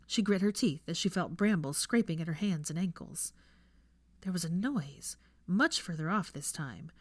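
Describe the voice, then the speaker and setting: Hushed, measured woman narrator. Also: fairly low pitch, no room sound. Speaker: fan fiction reader. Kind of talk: audiobook narration.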